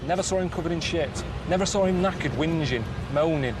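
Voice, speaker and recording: Grumbling, deadpan English man. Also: fairly high pitch, fast talker, few pauses, heavy background noise. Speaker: travel show presenter. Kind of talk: casual to-camera travel commentary. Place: outdoors in a busy street. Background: music.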